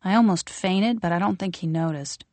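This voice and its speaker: A woman's voice: lowish voice, normal speed, a little mellow, dry recording, lightly acted. A woman reading aloud, voicing a composed, guarded congresswoman who speaks in a curt, controlled way.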